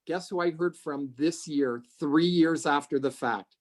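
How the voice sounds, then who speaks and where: Animated storytelling man, higher voice. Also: unhurried. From Canada. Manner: animated, acts out quoted voices with big pitch jumps. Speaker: realtor guest. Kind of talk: conversational interview storytelling.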